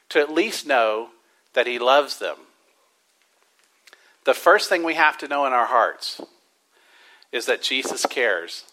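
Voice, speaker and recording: Guy preaching a sermon in church, bright forward voice, slows way down to hit words then goes real quiet. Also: medium pitch, rough recording. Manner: emphatic preaching with drawn-out stresses and sudden soft drops. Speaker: pastor.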